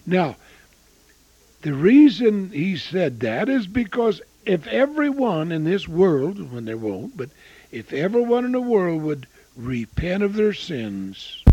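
An older man preaching an evangelistic sermon and telling his own testimony, swinging between booming and hushed. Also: big pitch swings, slow, breathy edge, no echo, lo-fi sound.

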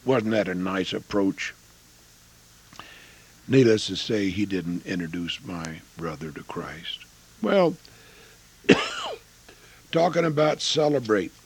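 Older preacher, gravelly and husky. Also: male voice, fairly low pitch, wildly swooping pitch, slow, long pauses. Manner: folksy preaching with sudden loud rises and hushed drops. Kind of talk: sermon.

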